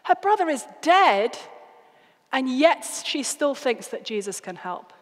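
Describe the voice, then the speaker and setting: A British woman giving an evangelistic talk, telling stories in an earnest, expressive way. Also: high voice, slow. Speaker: guest speaker. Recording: reverberant hall.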